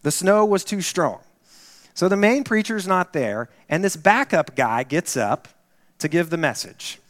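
A male pastor delivering a sermon with a fairly high voice. He tells a story earnestly and then eases into soft, intimate exhortation. The sound carries a long reverb, as in a large church hall. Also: lively intonation, a little slow.

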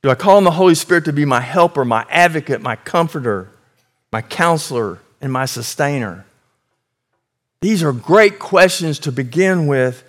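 A man delivers a sermon with earnest emphasis, stretching key phrases and lifting his volume to drive points home. His voice sits fairly high for a man. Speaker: preacher.

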